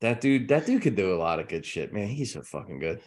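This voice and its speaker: A man's voice: on the low side, big pitch swings, fairly quick. A man hosting a podcast in casual chat, sarcastic and swearing often.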